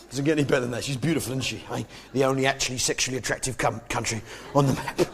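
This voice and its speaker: A comedian playing a bragging English pub landlord. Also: male voice, mid-range voice, quick pace, slight background noise, lightly acted. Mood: boastful. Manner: bellowing, jingoistic, mock-affectionate, chummy asides. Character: loud boastful English pub landlord, middle-aged man. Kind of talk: stand-up comedy character act.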